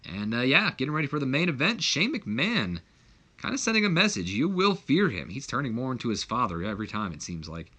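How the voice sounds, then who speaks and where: A man's voice: medium pitch, very animated, a little fast, bright, forceful tone. A man casually narrating and recapping a wrestling management game, chatty and full of fillers. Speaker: video game commentator.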